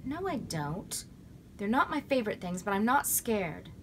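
A woman reading aloud, voicing a small, stubborn, squeamish girl with high, squealing protests. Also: big pitch swings, measured pace, slight background noise.

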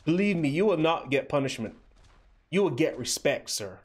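A man's voice: a little high, very animated, a little slow, long pauses. A young man hosting a livestream, giving casual gameplay commentary and teasing his chat in a playful, joking way. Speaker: livestream host.

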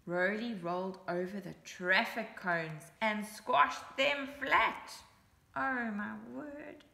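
Woman, children's story reader, slow unhurried delivery, bright tone, gravelly fry, echoey room. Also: medium pitch. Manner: animated, chatty asides to young listeners. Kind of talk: children's story read-aloud.

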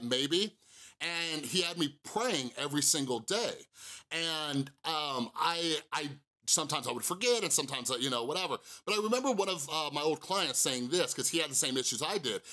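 Man, young adult, casual vlog storytime, somewhat high voice, bright forceful tone, animated. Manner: animated, acts out his own past rants. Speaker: YouTube vlogger on addiction recovery.

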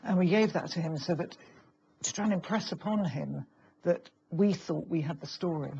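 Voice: medium pitch, moderate pace, vocal fry, darkish tone. A former programme journalist answering interview questions in a reflective, hesitant way. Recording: slightly dull, faint background hiss.

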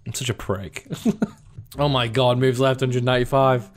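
A young man giving casual, excitable gameplay commentary, swearing freely and swinging between mumbled asides and loud outbursts. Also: mid-range voice, normal speed. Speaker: gaming video host. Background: faint background music.

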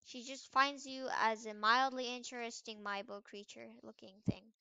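A woman's voice: on the high side, fairly even intonation, moderate pace, pushed and bright, clear, resonant tone, no echo. A young woman chatting playfully while playing an online game, exclaiming often as she narrates what happens. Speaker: gamer. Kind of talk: casual gameplay commentary.

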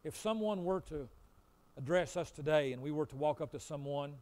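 A pastor preaching in a fairly high voice. He drives home points with repetition, rising loud and forceful, then dropping to hushed, low asides. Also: lively intonation, a little fast. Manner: swings between loud emphatic preaching and quiet low asides. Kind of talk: sermon.

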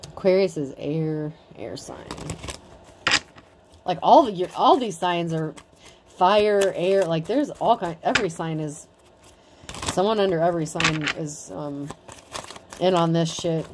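A woman's voice: lowish voice, slow pace, pauses often, noisy background. A woman in her thirties giving a casual tarot reading in a blunt, chatty way, swearing freely. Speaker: tarot reader.

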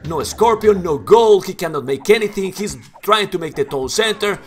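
A man with a Spanish first language casting a strategy game live in broken English, getting excited and shouting at big plays. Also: sits high, normal speed, hardly any pauses, faint music behind. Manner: non-native English with broken grammar. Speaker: game caster. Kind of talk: live esports commentary.

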